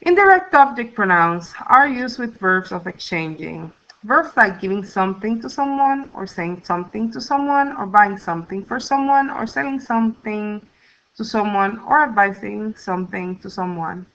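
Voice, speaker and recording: A woman teaching a language class, explaining grammar rules slowly and clearly and sounding out syllables for students. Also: mid-range voice, lively intonation, fairly bright tone. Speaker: Spanish teacher. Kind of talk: recorded classroom lesson. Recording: dull lo-fi recording.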